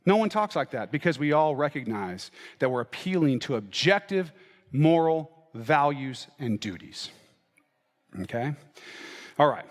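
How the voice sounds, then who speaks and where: In a church with a long reverb tail, a male pastor with a medium-pitched voice gives a conversational sermon. He checks in with listeners using "right?" and "okay?" and acts out both sides of an argument.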